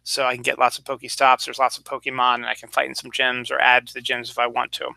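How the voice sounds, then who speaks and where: Ish guy rambling on his own show, super dry close sound, bright tone. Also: mid-range voice, completely flat delivery, fast, creaky, no echo. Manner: rambling, chatty, acts out little quoted asides. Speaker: podcast host. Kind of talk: casual solo chat.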